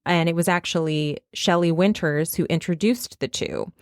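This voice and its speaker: A woman hosts a podcast, walking through a gossip-filled story in a chatty, wry way. Her voice sits low. The sound is dry and close to the mic. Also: normal speed, no room sound. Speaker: podcast host. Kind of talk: casual chat, narrating researched gossip.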